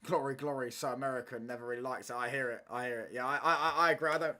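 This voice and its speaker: A man's voice: medium pitch, fairly even intonation, very fast, bright, forceful tone. A young man, chatting casually through a football watchalong stream in slangy banter, ending lines with "mate" and "bro".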